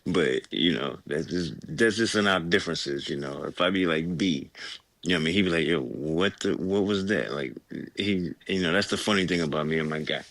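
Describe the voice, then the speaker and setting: A man, a guest artist, chatting casually in a slangy, animated, laughing storytelling way. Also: deep voice, a little fast, dry recording. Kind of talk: casual chat.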